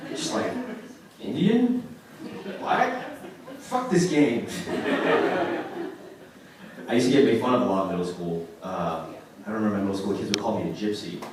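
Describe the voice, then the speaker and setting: A man's voice: low-pitched, rapid-fire, noisy background. A man in his twenties from Oregon doing a casual stand-up comedy set, telling stories and slipping into quoted voices. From Oregon, USA. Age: 20s. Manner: casual, lively storytelling with put-on quoted voices. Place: comedy club stage. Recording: echoey club from far off, loud crowd. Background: audience laughter.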